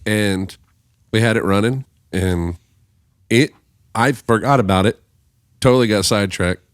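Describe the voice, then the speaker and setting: A man with a lowish voice spins an animated, profane story across a podcast table and acts out every character he quotes. The studio sound is dry and close, with no room echo. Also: measured pace, clear, resonant tone. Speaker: podcast guest musician. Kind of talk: casual storytelling.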